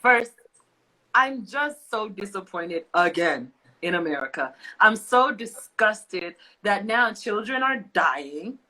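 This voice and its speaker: A woman co-hosting a casual podcast vents in an emotional chat, repeating phrases with impassioned emphasis. Her medium-pitched voice has a sharp tone and big pitch swings, she takes it slowly, and the recording is rough.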